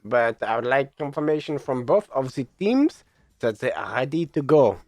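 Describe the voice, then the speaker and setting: Lively man chatting on stream. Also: medium pitch, moderate pace, no echo, studio quality. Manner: chatty, giggly, plays with silly voices. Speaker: esports tournament caster. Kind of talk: casual live-stream chat with chat readers.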